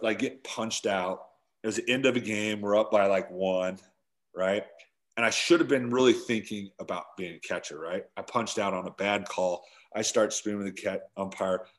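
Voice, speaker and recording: Low-voiced man telling baseball stories. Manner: animated storyteller, acts out yelling quotes. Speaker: former pro baseball catcher, guest. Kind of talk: casual storytelling interview.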